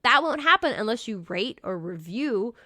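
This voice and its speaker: A woman's voice: a little high, very animated, moderate pace, bright, forceful tone, no room sound, studio quality. A woman co-hosting a podcast in casual chat, wry and teasing. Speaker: podcast co-host.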